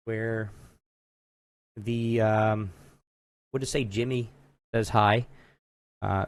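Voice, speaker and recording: A man's voice: lowish voice, darkish tone, dry recording. A man co-hosting a podcast, telling a long story in casual chat, rambling with lots of asides. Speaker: podcast co-host.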